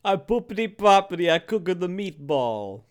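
A goofy, boastful fake Italian put on by a man, bouncing in a high sing-song. The voice stays smooth and clear under the clowning. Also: very animated, moderate pace.

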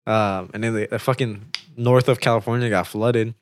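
Young dude podcast cohost, rambly casual chat, lots of like and um, cussing. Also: male voice, on the low side, steady tone, normal speed, no room sound. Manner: rambling, heavy on fillers and swearing. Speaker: podcast co-host.

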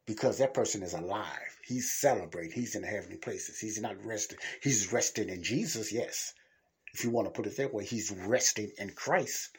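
Middle-aged male podcast host, husky low voice, blunt colloquial preaching style. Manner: blunt, conversational, colloquial, repeats points for emphasis. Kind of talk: casual spoken preaching.

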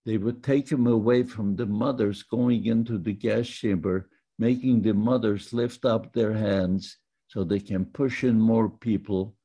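An older man from Poland, slowly recounting his own life story in a plain, halting manner. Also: on the low side, fairly even intonation, dark tone. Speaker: Holocaust survivor. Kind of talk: testimony storytelling.

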